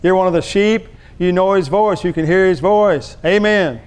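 A male pastor delivering a sermon in an emphatic, preachy manner, pressing his congregation to respond. His voice sits somewhat high and sounds smooth and resonant. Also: moderate pace.

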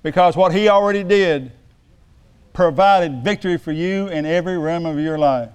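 Preacher guy in a church, high clear voice, jokes around then gets loud and emphatic. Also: moderate pace. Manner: jokes with the congregation, rises to emphatic shouts. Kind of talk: sermon.

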